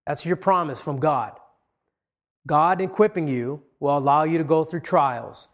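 A man's voice: a little high, unhurried. Man preaching an earnest sermon. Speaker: pastor.

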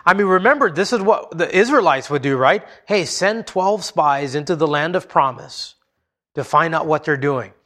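A man preaching a sermon, telling the story expressively and dropping low and soft for emphasis. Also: animated, moderate pace. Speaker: pastor.

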